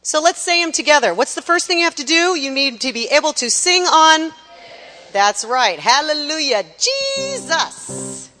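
A woman teaches a room of worship singers, her high voice leaping around as she explains and demonstrates. She breaks into short sung phrases and playful imitations. The sound carries a long hall reverb with soft music behind it. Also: moderate pace. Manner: animated, sings short demonstration lines, mimics people. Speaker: worship vocal coach. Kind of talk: lively teaching talk to a class.

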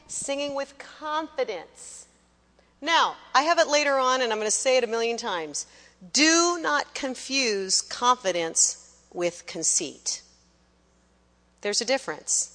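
A woman coaching worship singers in a lively teaching talk, now and then singing a short line or mimicking someone. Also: fairly high pitch, normal speed, long reverb tail, loud music behind the voice. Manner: animated, sings short demonstration lines, mimics people.

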